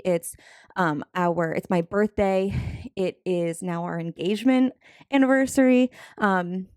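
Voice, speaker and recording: A woman in her twenties with a lowish, slightly mellow voice chats casually to camera as a budgeting vlogger. She's bubbly and talkative, with many fillers and asides, and sounds a little out of breath.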